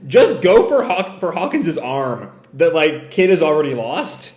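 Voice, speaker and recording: A man casually reading through a comic chapter and commenting on it, animated and swearing now and then. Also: fairly high pitch, a little slow. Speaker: comic reader and reviewer. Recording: roomy echo.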